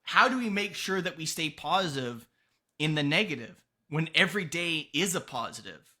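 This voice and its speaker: A man's voice: on the high side, expressive, normal speed, sharp tone. A man hosting a podcast, giving earnest, emphatic motivational advice in a casual tone and swearing now and then. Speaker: podcast host and coach.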